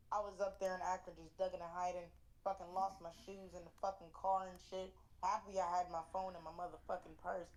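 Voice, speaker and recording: A woman's voice: medium pitch, little pitch movement, fairly quick, darkish tone. Blunt, profane young woman telling a story. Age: 20s. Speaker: interview guest, dancer. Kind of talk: casual storytelling in an interview.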